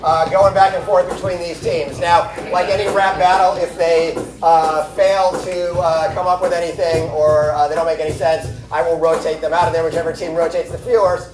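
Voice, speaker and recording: A man hosting a live improv comedy show, with joking, quick announcer patter and laughs. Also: fairly high pitch, little pitch movement, noisy background. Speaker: improv show referee host. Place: large comedy theater stage. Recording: roomy hall sound from far off, music.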